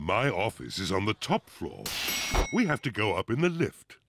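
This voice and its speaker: A man's voice: lowish voice, huge pitch swings, moderate pace, loud music behind the voice. A man voicing a jolly, bumbling father pig in a cartoon. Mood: cheerful.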